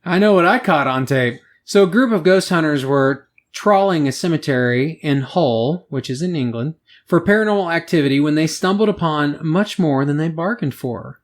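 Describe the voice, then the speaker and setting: A man's voice: a little high, expressive, normal speed. A man co-hosting a podcast, reading news stories aloud with wry, sarcastic asides and frequent laughter. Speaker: podcast co-host.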